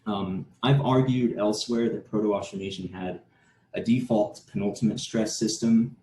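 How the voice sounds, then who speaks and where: Low, mellow man giving an academic talk. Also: echoey room, slight background noise, rough recording. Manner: measured, explanatory, with frequent fillers and restarts. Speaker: conference presenter.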